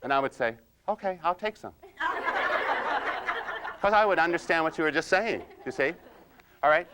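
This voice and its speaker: A man playing a quiet, precise, nerdy analyzer-type husband in comedic role-play, slow and hesitant with many ums and "you see?". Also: a little high, expressive, very noisy, close to an everyday voice. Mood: deadpan nerdy. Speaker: personality-styles trainer.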